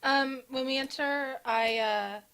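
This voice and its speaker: A woman's voice: sits high, fairly even intonation, takes it slowly, a bit bright. A woman playing in a tabletop game, describing her character's actions in plain, brief responses. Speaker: player. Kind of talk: casual role-play.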